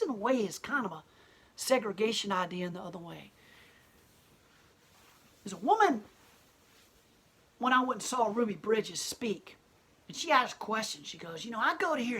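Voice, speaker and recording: A woman's voice: mid-range voice, a bit bright, slightly rough. A woman who owns a gallery speaks bluntly and defiantly in an impassioned interview monologue. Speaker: gallery owner and protester.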